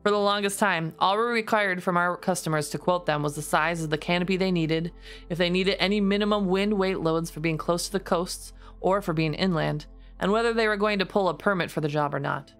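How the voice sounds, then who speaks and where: A woman streamer reading posts aloud in a deliberately lower, steady voice. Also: soft background music. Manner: reads in a lower, steadier voice, laughs often.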